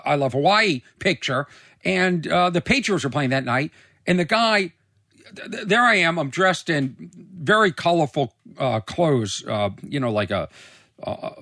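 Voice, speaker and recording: A man's voice: a little high, fairly bright tone, no room sound, studio quality. A man hosting his own show, telling rambling stories in a casual monologue full of fillers and restarts. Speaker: comedian podcast host.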